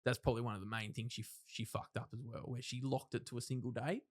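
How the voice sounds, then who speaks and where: A man's voice: mid-range voice, steady tone, quick pace. Blunt man in his thirties. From Australia. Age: 30s. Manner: rambling, self-interrupting retelling with frank swearing and acted-out quotes. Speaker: podcast guest. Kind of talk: casual interview, personal storytelling.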